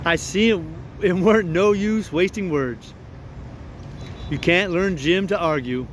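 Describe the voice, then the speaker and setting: A man reads a novel aloud in a measured storytelling manner, keeping the narrator's rustic dialect. His voice is fairly high, and he takes his time over each phrase. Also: a little hiss or hum. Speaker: audiobook reader. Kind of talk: scripted narration.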